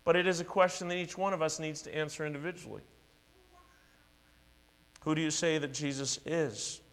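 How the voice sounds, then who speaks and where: A man's voice: a little high, moderate pace, fairly bright tone. A male pastor preaching a sermon, earnest and emphatic, building repeated declarations.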